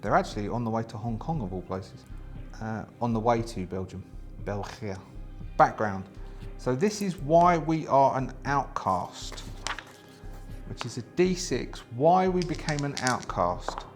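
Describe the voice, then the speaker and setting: A man of ordinary pitch hosts a solo tabletop game and talks it through casually. He reads the rules aloud and weighs his choices as he goes, restarting often. Faint music plays underneath. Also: animated, unhurried. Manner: chatty, thinks aloud with many fillers and restarts.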